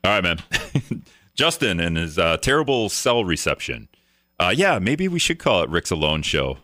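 A man's voice: fairly low pitch, big pitch swings, normal speed, sharp tone, dry recording. A man hosting a casual talk radio show from a studio, rambling and joking at his own expense. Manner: rambling, joking, self-mocking. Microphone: studio microphone.

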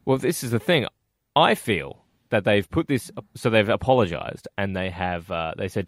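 Dry-sounding radio host. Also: male voice, lowish voice, expressive, normal speed, dry recording. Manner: chatty and jokey. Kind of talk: radio comedy banter.

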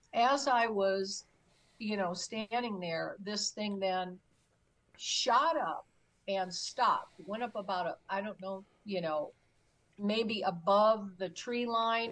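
Slow and a bit bright, with a medium pitch, a middle-aged woman shares her own experience as a guest on a talk show. She tells it conversationally but emphatically, playing out her pleas.

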